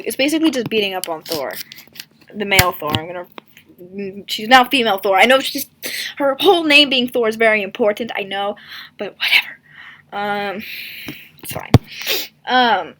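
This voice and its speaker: A woman's voice: mid-range voice, lively intonation, normal speed, long pauses, background noise. A young woman casually ranting in a comic review, sarcastic and exasperated, with lots of filler words.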